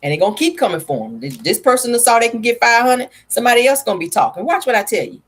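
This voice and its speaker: A woman vlogger chats sassily through celebrity gossip. Her husky voice is lively and swings up and down. She keeps calling her viewers honey. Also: fairly high pitch, rapid-fire. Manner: sassy, chatty, addresses viewers as honey and y'all. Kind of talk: casual gossip commentary.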